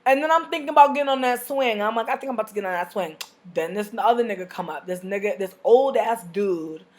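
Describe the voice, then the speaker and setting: A young woman telling a story to camera as a vlogger, brash and profane, with big animated swings in her delivery. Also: medium pitch, fast. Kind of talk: casual storytime rant.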